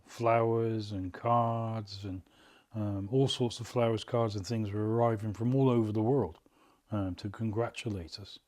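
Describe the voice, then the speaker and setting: A middle-aged father recalling the past in a documentary interview, speaking slowly and hesitantly, with frequent pauses and fillers. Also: on the low side, fairly even intonation, darkish tone.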